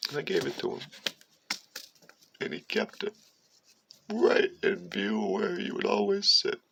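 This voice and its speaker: A man's voice: high voice, takes it slowly, creaky, pauses often, a little hiss or hum. A man telling a rambling personal story in a casual, profane way, sometimes breaking off to talk to his cat. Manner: profane, meandering, animated, talks aside to his cat.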